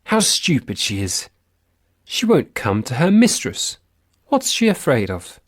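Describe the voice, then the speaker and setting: A man's voice: medium pitch, huge pitch swings, a little slow, no room sound, clean studio sound. A man voicing an imperious, irritable old woman who commands her household in a haughty, petulant way. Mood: coaxing, peevish.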